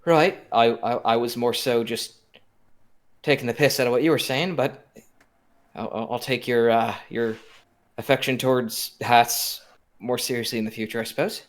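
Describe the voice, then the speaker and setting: A man playing a tabletop role-playing game in character, wry, halting, restarting often. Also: medium pitch, fairly even intonation. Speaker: player.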